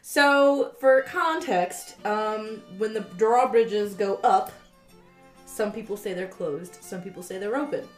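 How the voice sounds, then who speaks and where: A woman's voice: mid-range voice, takes it slowly, faint music behind. A woman patiently explaining things in a casual podcast chat, with laughing asides. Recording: roomy, distant from the mic.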